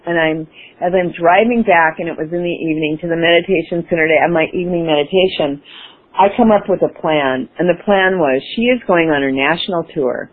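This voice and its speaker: A woman with a lowish voice speaks briskly as an interview guest, enthusiastically telling a personal story. She laughs and acts out her past self, heard over a phone-like radio broadcast.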